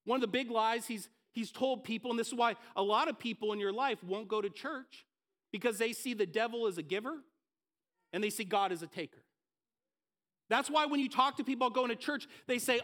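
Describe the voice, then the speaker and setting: A man preaching a sermon in a conversational, energetic way, acting out the voices in the stories he tells. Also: very high voice, brisk.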